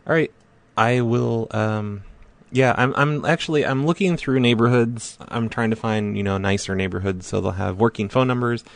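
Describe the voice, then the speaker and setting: A man hosting a prank call live stream, chatting casually and rambling with halting fillers and self-deprecating remarks. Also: mid-range voice, vocal fry, no room sound.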